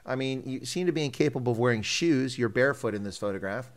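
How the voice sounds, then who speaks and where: A man's voice: mid-range voice, quick pace, crowd noise. A man hosting a live stream interview, chatting casually and teasing his guest. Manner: joking and teasing.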